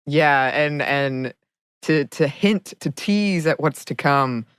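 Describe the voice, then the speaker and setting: A woman hosts a casual podcast chat in a notably low voice, recorded dry and close. She jumps in with eager, enthusiastic interjections. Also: slow, clean tone, no room sound. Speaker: podcast host.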